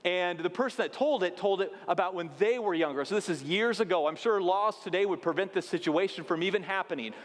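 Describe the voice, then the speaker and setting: A man in his late thirties from South Dakota, preaching a sermon in a conversational storytelling way with asides to the congregation. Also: sits high. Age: late 30s. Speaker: pastor. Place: church sanctuary. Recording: long hall reverb.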